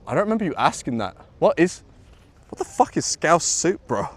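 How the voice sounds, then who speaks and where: A man's voice: fairly high pitch, big pitch swings, brisk, breathy edge. A young man with a Liverpool accent, chatting casually on a live stream, rambling with lots of ums and calling his viewers bro and man. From Liverpool, England. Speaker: IRL livestreamer. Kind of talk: casual live-stream chat reading chat aloud. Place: outdoors in Osaka, early morning.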